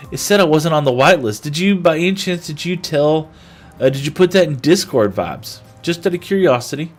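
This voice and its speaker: A man streaming a game, chatting with viewers and telling a long anecdote in a casual, animated way. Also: fairly high pitch, fairly quick, soft background music. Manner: chatty, animated storyteller who talks to chat. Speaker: gaming livestreamer. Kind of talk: casual chat and storytelling while gaming.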